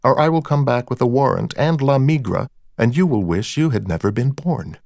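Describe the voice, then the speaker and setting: A man's voice: mid-range voice, expressive, moderate pace, gravelly, a little mellow, no room sound, studio quality. Man doing a curt, tough female cop. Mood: commanding. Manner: curt, commanding, threatening. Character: tough no-nonsense woman police officer.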